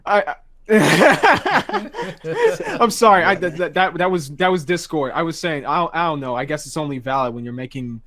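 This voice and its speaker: A fairly high-voiced man on a casual podcast call, talking fast and heated. He swears freely and trips over his own words, restarting sentences as he goes. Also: a crowd in the background. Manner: excitable, swearing, stammering restarts.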